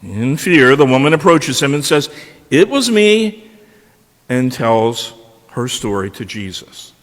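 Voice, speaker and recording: A man's voice: medium pitch, a little slow, a bit bright. A man preaching a sermon, retelling a story and posing rhetorical questions to his listeners. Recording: long reverb of a large hall.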